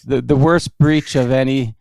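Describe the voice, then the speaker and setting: Smooth-voiced man telling a fishing story. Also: mid-range voice. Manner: relaxed storyteller, pauses with fillers. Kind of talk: casual chat among fishing friends.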